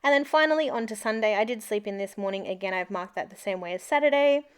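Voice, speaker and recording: Chatty Australian woman with a smooth voice. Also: medium pitch, fast. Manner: chatty, rambling, upbeat. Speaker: planner vlogger. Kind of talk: casual voice-over narration.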